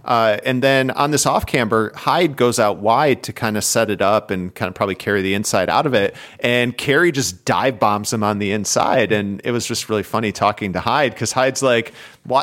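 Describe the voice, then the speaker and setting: A man co-hosting a casual cycling podcast, retelling races and acting out quotes with big pitch jumps. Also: a little fast, hardly any pauses, fairly bright tone. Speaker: podcast co-host. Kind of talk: casual chat about bike racing.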